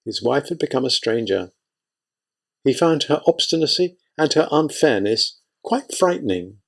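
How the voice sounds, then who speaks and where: Gravelly male audiobook narrator. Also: mid-range voice, lively intonation, moderate pace. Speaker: audiobook reader.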